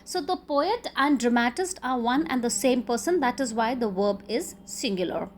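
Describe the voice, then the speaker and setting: A high-pitched woman with an Indian English accent gives a classroom grammar lecture. She explains each rule patiently and repeats the examples slowly. A faint hiss of noise sits under her voice. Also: expressive. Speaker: teacher.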